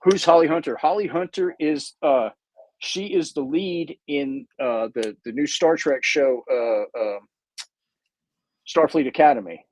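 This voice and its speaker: A man's voice: fairly high pitch, unhurried, darkish tone, rough recording. A man hosting a livestream, painting while he chats in a rambling, self-interrupting, jokey way. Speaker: livestream host painting models. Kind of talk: casual rambling chat.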